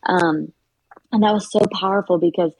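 A woman's voice: fairly low pitch, moderate pace, darkish tone, husky, no room sound, poor audio. A woman who is a guest on a podcast interview and talks in an earnest, encouraging way, giving advice from her own life. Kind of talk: conversational interview.

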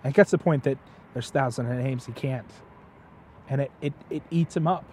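The host's son joins as a guest for a casual chat, passionately recounting a story and frequently tripping over repeated words. He speaks fairly quickly in a mellow, medium-pitched voice, with a bit of hiss or hum in the background.

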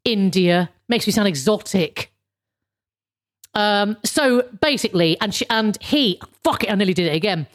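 A woman's voice: mid-range voice, animated, normal speed. Woman, casual monologue, rambling, sarcastic, foul-mouthed. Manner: rambling, sweary and sarcastic, with frequent restarts. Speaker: vlogger.

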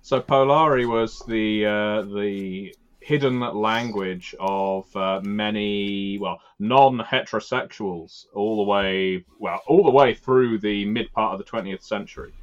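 A man talks casually on a game podcast, rambling and wry. His voice sits low. The audio is dull and lo-fi. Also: a little slow, few pauses. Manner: rambling, wry, laughs at his own jokes. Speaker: podcast co-host, game master. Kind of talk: casual chat.

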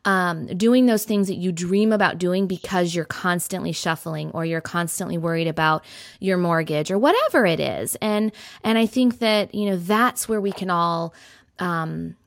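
A woman's voice: fairly low pitch, normal speed, no room sound, studio quality. A woman hosting a podcast interview, speaking in an encouraging, reflective way. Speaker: podcast host. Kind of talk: casual interview chat.

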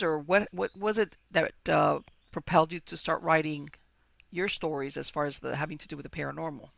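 Gravelly, bright-voiced woman podcast host. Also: low-pitched, no echo. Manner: animated, exclaims and laughs often. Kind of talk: casual interview.

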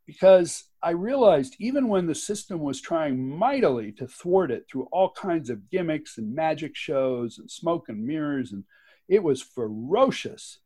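A man's voice: fairly high pitch, very animated, unhurried, warm tone, breathy edge. A man speaking as a guest author and activist in an interview, talking with passion and emphasis, laughing often and restarting his sentences. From United States. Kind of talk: conversational interview.

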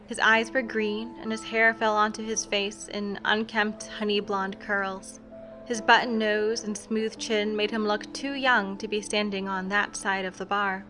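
Soft instrumental music sits behind a woman reading a scripted tale. Her voice is mid-range, and she keeps her pacing steady and measured.

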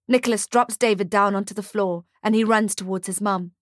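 A woman narrating an audiobook short story in a steady storytelling manner, close to the mic. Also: medium pitch, normal speed, hardly any pauses, no room sound. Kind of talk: scripted narration.

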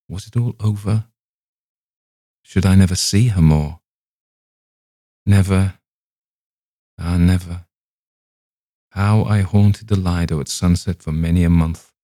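A man reading a Victorian ghost story aloud in a steady, literary first-person narration. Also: deep voice, dry recording, clean studio sound. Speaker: audiobook narrator.

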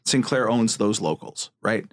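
A man co-hosting a political podcast, talking casually in an animated, profane way, rambling with fillers. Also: fairly low pitch, unhurried. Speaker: podcast co-host.

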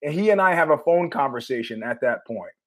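A man's voice: a little high, expressive, brisk. A man hosting his own show, telling a story in a blunt, profane, conversational way. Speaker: host. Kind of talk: casual storytelling monologue.

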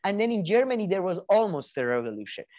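A man's voice: sits high, big pitch swings, fast talker, darkish tone, dull audio. A young adult man co-hosting a podcast in casual chat, rambling with lots of restarts and casual swearing. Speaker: podcast co-host.

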